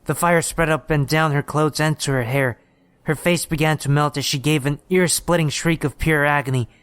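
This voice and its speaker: A man's voice: a little high, steady tone, normal speed, a bit bright, smooth, dry recording. Man narrating a horror story.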